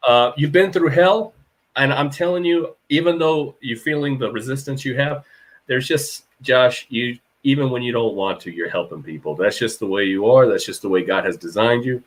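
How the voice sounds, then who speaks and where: A man's voice: medium pitch, moderate pace. A man hosting an interview over a video call, speaking earnestly and encouragingly to his guest. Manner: earnest, encouraging, says amen. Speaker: podcast host. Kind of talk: casual interview.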